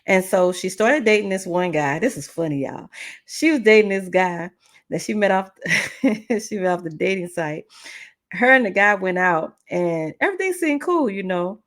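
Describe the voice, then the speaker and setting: An animated woman podcast host spinning a dating story in casual storytelling mode. She chats straight to her listeners with a relaxed, conversational flow, pitched at an ordinary middle level. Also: moderate pace. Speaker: relationship coach and podcast host.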